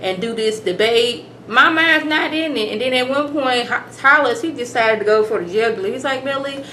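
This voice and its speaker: A woman casually recapping a TV drama episode in a chatty, slangy, animated way. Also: fairly high pitch, normal speed, echoey room, a little hiss or hum. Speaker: TV episode reviewer.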